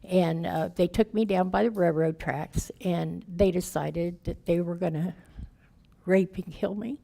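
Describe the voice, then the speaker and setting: A woman's voice: on the low side, a little slow, creaky, warm tone. A woman in her fifties, a guest speaker telling her recovery story in candid, plain-spoken, folksy words, emotional and raw. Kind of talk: personal recovery testimony.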